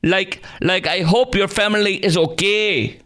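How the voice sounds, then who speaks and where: A cooing, over-sweet woman politician, squeaky and drawn out, as a male talk-radio host mocks her in falsetto. The voice slides high and lilting, every phrase stretched long. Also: fairly even intonation, a little slow, fairly bright tone. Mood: mocking. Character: mocking impression of a gushing woman politician.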